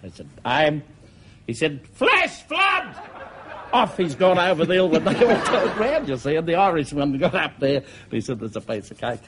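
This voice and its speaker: A man's voice: fairly high pitch, animated, a little fast, background noise. A man with an Australian accent, a comedian telling jokes in an easygoing yarn-spinning way, full of "he said". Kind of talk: stand-up joke telling.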